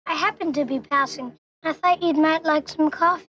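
A woman's voice: high-pitched, normal speed, pushed and bright, muffled recording. An actress playing a courteous woman offering coffee in an old film clip.

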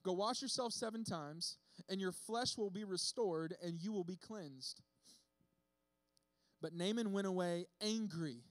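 A man preaching a sermon in a casual, lively storytelling way, acting out the characters' lines. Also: sits high, unhurried, dry recording. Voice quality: bearded speaker. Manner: casual, animated storytelling with acted-out quotes.

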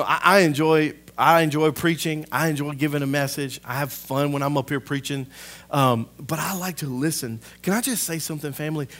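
A man, a pastor preaching a sermon. He swells to loud, impassioned peaks and then drops to a hushed, personal aside. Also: on the high side.

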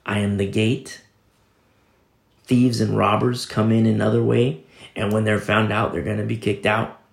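This pastor has a lowish, gravelly voice and a level tone, preaching at a moderate pace in a roomy-sounding space. His style is conversational storytelling, woven through with scripture he reads and quotes.

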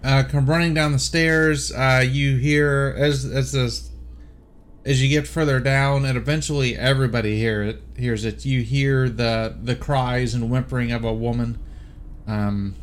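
A man's voice: medium pitch, steady tone, measured pace. A man narrating as game master of a tabletop role-playing game, casual and full of fillers and restarts.

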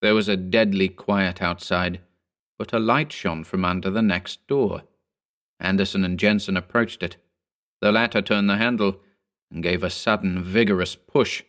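A man reading a ghost story aloud in a measured, grave manner. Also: low voice, steady tone, fairly bright tone. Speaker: narrator. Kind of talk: scripted ghost story narration.

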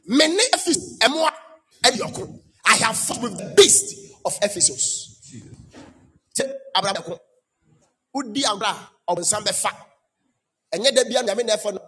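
High, fiery preacher man. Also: husky. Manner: shouted, chanting repeated declarations. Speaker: pastor. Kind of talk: fiery sermon mixing Twi and English.

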